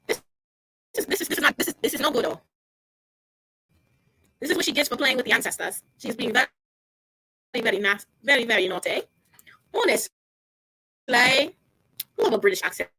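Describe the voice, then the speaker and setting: A woman hosting a casual reality TV review show over a video call, talking in an animated, expressive way and laughing often. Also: a little high, a little fast, pauses often, husky. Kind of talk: casual chat.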